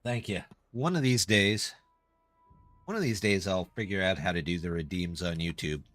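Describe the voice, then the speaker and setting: A man's voice: low voice, moderate pace, fairly bright tone, no room sound, soft background music. A man live-streaming a game and chatting casually with viewers, answering their comments in a loose, self-deprecating way. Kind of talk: casual live-stream chat while gaming.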